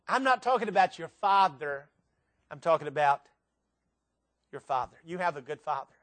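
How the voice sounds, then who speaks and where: Older man, preacher, high voice, emphatic sermon, church meeting. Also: normal speed, pauses often, fairly bright tone. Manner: emphatic, dramatic swings in pitch and volume. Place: church meeting before a live audience.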